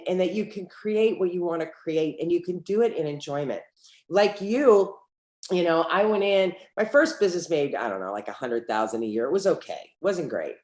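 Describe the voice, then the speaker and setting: A middle-aged woman with a fairly low voice, recounting her business life as an interview guest. She tells stories with energy and acts out the back-and-forth in them, and her voice rings in a roomy, echoey space. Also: moderate pace. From United States. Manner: lively storyteller who acts out quoted dialogue. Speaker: entrepreneur guest. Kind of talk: conversational interview. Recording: roomy echo.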